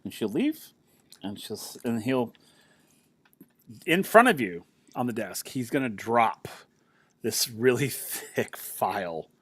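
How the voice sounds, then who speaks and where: A man's voice: mid-range voice, sing-song, takes it slowly, long pauses, slightly rough, dry recording. A man narrating a tabletop game as game master, chatty and rambling as he describes the scene. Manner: chatty, rambling, many fillers and restarts.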